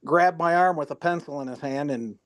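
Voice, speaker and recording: Halting man with a slightly high voice. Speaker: former teammate, guest. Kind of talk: casual reminiscing.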